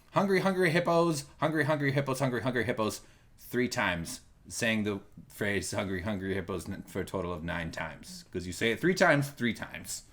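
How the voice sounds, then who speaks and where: A man playing a pompous mock pope who hears a confession, loud and commanding. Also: mid-range voice.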